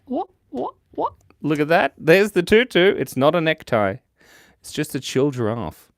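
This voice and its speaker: A man's voice: a little high, big pitch swings, moderate pace, dry recording, studio quality. A man hosting a live drawing stream, reading out viewer suggestions in a playful, giggly way. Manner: playful, reads chat comments aloud, giggles often. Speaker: livestream host drawing with chat. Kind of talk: casual live-stream chat.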